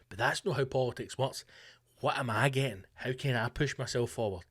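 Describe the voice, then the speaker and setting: A Scottish man hosting his podcast, delivering a sweary, animated comedic rant in a conspiratorial tone. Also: medium pitch, fairly quick. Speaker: podcast host.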